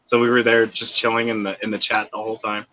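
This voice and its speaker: A man's voice: on the low side, flat delivery, fast, sharp tone, dull audio, slight background noise. A man chatting casually on a livestream, telling long rambling stories and swearing freely. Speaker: livestream co-host. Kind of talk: casual chat.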